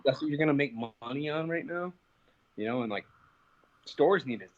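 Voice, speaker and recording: A man's voice: on the high side, expressive, moderate pace, lo-fi sound. A young man being interviewed, telling an angry story full of swearing and fillers. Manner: heated, profane storytelling with many fillers. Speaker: interview guest, professional fighter. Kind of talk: casual phone interview.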